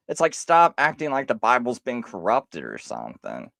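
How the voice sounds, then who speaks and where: Guy on a live stream arguing his point, lively swoopy voice, dry close sound, keeps restarting. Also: mid-range voice, vocal fry, no echo. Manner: animated, insistent, halting restarts. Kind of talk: casual live-stream argument.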